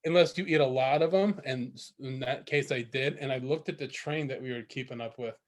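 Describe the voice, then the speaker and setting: A man's voice: mid-range voice, brisk. A young man, a podcast co-host telling a rambling story, laughing often and swearing casually.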